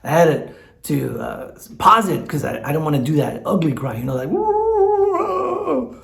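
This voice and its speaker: A man's voice: mid-range voice, fairly quick, creaky, a bit bright, roomy sound. A man talks candidly in a personal vlog, teary and rambling, with lots of fillers and restarts. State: teary, choked up. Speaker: vlogger. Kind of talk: emotional personal vlog talk.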